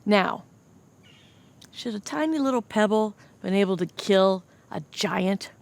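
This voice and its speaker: A woman's voice: medium pitch, expressive, measured pace, creaky, darkish tone. A young adult woman teaching children a Bible story, telling it with animation and asking the kids questions.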